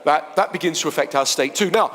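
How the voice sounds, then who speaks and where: A man giving a chatty, playful seminar talk to a live audience, swinging between soft and loud. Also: a little high, fast talker, long reverb tail. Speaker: motivational speaker.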